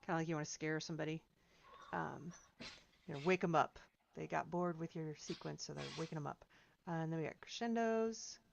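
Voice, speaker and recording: A woman's voice: deep voice, brisk, gravelly, dull audio, slight background noise. A woman piano teacher giving chatty, encouraging feedback to students in a seminar, singing out rhythms as she explains.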